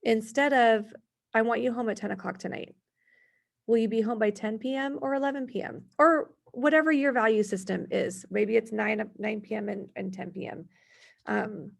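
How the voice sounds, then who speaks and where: A woman's voice: a little high, normal speed, creaky. A woman in her thirties presenting a parenting workshop, chatty and telling family stories between her examples. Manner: chatty, storytelling, gives worded examples.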